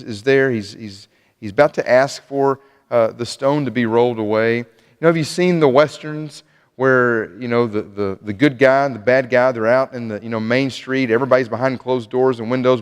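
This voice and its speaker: A man delivers a sermon in a church sanctuary, speaking earnestly with frequent restarts and repeated words. His voice sits at a middle pitch, and a long reverb trails each phrase through the hall. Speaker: preacher.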